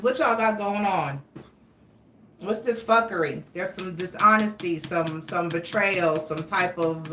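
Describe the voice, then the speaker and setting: A young woman with a mid-range, slightly bright voice gives a casual tarot reading, rambling along in a chatty, profane way. She sounds distant from the mic, with a roomy echo around her.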